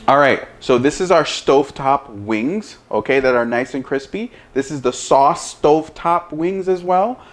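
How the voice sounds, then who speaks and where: A man hosting a casual cooking demo and taste test, humming over each bite and talking with his mouth full. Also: mid-range voice. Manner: talks with mouth full, lots of savoring hums; slow, relaxed delivery. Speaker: chef, cooking show host.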